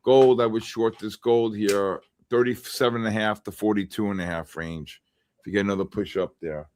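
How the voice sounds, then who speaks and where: A man's voice: fairly low pitch, steady tone, moderate pace, a little hiss or hum. A middle-aged man hosting a live trading stream, rambling casually and calling out viewers by name. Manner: rambling, chatty, shouts out chat names. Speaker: livestream trading host.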